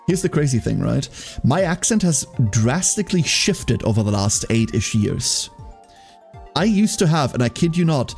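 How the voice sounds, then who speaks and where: A man's voice: mid-range voice, animated, a little fast, a little mellow, soft background music. A man from Germany with a light German accent, casually chatting with his live-stream chat, laughing often and repeating his phrases.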